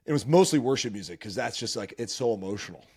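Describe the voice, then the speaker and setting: A male podcast host shares personal stories in casual chat, earnest and emotional and often restarting his sentences. His fairly low voice is animated and quick, a little mellow, with a breathy edge.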